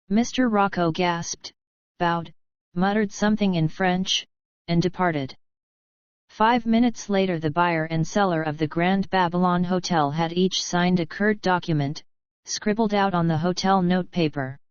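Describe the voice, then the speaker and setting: Steady woman audiobook narrator. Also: fairly low pitch, measured pace, clean tone, dry recording, lo-fi sound.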